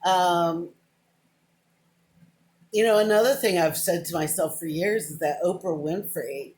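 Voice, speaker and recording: A woman's voice: lowish voice, a little slow, a little mellow. A middle-aged woman rambling to a close camera in a casual, emotional vlog monologue, drifting between thoughts with "but anyway". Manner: rambling, self-described, wanders off and says "but anyway"; emotional, openly talks about crying. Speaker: vlogger. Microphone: camera close to the face, within arm's reach.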